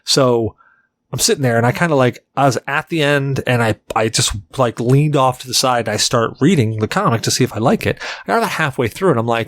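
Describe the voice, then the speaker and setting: A man's voice: mid-range voice, brisk, no room sound. Man, podcast co-host, rambling anecdote, casual chat, dry voice. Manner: rambling, heavy use of "like"; animated anecdote teller.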